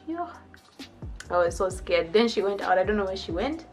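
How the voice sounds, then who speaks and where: A woman's voice: mid-range voice, moderate pace, soft background music. Chatty young woman telling a story. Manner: animated, chatty, filler-heavy storytelling. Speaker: vlogger. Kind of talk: casual story time.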